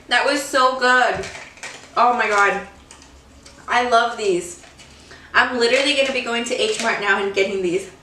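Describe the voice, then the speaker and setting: A young woman with a high, bright voice chats her way through a snack-tasting vlog, easily excited and gushing over what she tries. She talks slowly and sits a bit back from the mic in a roomy space. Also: recorded from a distance, slight background noise. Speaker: vlogger. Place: room at home.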